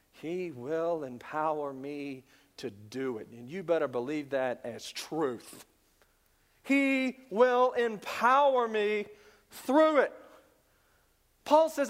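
High-voiced preacher in an echoing hall. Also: male voice. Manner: dynamic preaching, swinging from loud emphasis to hushed near-whispers. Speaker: pastor. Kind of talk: sermon. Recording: long reverb of a large hall.

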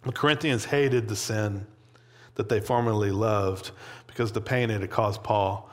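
A man's voice: lowish voice, unhurried. A man preaching a sermon in a loose, conversational way, often checking in with "right?" and acting out quoted voices. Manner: conversational, animated, frequent "right?" asides. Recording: long hall reverb.

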